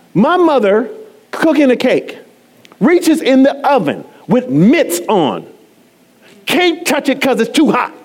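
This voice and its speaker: A man preaching a sermon, animated and chatty, often laughing and poking fun at himself as he talks to the congregation. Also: very high voice. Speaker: pastor.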